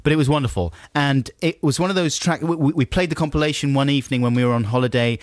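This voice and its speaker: A man co-hosting a comedy radio show, chatty and animated in studio banter. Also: mid-range voice, fast talker, no echo. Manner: animated, chatty, laughs easily. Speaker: radio co-host. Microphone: studio microphone.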